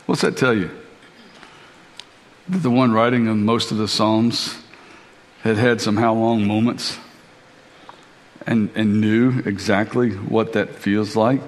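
A male pastor delivering an animated sermon, swinging between soft, low passages and emphatic raised lines. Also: slow pace, long pauses, long reverb tail.

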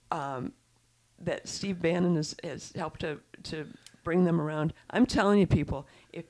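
Chatty, indignant woman with a gravelly voice. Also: deep voice, darkish tone. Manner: chatty, indignant, breathless run-on talk. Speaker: show regular commentator. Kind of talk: casual political chat.

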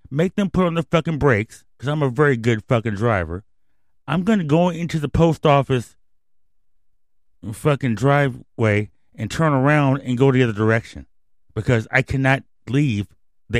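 A male host tears through a profane, heated rant on his radio show. His voice sits at an ordinary middle pitch. The sound is dry and close, with no room around it. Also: dry recording. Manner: angry, swearing constantly, heated.

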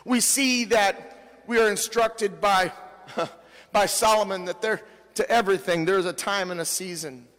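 High-voiced man preaching in a reverberant hall. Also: unhurried, a bit bright. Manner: emphatic preaching, rising in pitch on quoted lines. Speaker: pastor. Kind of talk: sermon.

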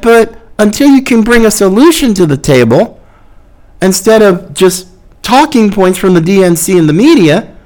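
A man's voice: high-pitched, poor audio. A man hosting a podcast, giving an impassioned political commentary monologue, arguing and mocking opponents' slogans. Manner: impassioned, argumentative, with mocking quotes. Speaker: podcast host.

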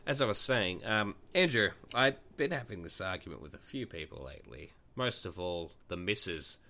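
A man's voice: low-pitched, expressive, normal speed, creaky, sharp tone. A young Australian man, a podcast co-host, chatting casually, stumbling over words and joking. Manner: stammering, joking, laughs easily. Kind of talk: casual chat.

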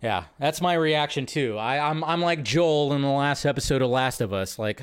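A man hosting a live film news stream, chatting casually and rambling, often jumping from high excited bursts to low mutters. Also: a little fast, few pauses, clean tone. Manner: rambling, animated, jumps between high and low.

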